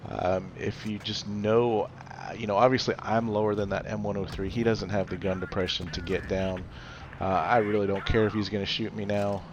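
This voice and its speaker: A man giving a relaxed, chatty game review with lots of fillers and little chuckles. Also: fairly low pitch, background noise. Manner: chatty, loose, many fillers, chuckles often. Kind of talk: casual gameplay commentary.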